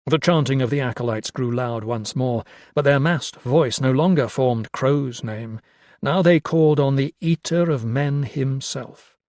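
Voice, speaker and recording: A man narrating a horror story with slow, expressive storytelling. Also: medium pitch, no echo, clean studio sound. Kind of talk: dramatic audiobook narration.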